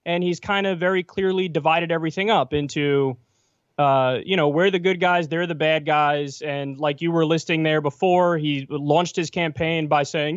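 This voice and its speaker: A man's voice: on the high side, steady tone, normal speed, smooth, no room sound. A man giving blunt, argumentative political commentary as a guest. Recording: dull dry remote line.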